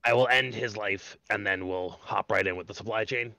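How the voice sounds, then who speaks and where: A man's voice: lowish voice, normal speed, bright, forceful tone, no room sound. A man playing in a tabletop game, talking bluntly and casually. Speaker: player.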